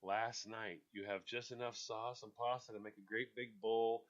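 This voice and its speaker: A man hosting a casual radio talk show, chatty and animated, acting out little quotes in funny voices. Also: lowish voice, normal speed, highs cut off.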